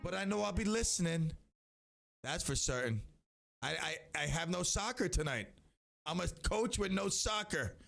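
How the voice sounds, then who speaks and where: Rambling gravelly radio host, a man. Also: high-pitched, expressive, moderate pace. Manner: rambling, self-interrupting, breaks into loud off-key singing. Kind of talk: casual radio chat.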